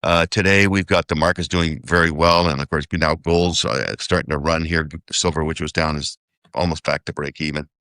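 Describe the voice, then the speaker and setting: Low-voiced man, rambling through sums. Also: fairly even intonation, normal speed, sharp tone, no echo, clean studio sound. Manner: rambling, does sums aloud, keeps asking "okay?". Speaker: investor guest. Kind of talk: casual interview talk.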